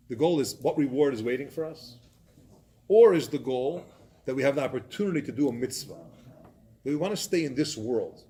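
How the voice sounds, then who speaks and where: Male rabbi telling a lively story. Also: mid-range voice. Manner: animated storyteller acting out scenes. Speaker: community rabbi. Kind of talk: storytelling Torah class.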